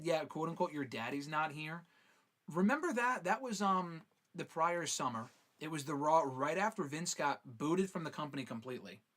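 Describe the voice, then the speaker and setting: An animated man hosts a live question show, his pitch swinging widely as he chats. He reads fan questions aloud and answers with casual swearing, in a voice sitting a little above the usual male range.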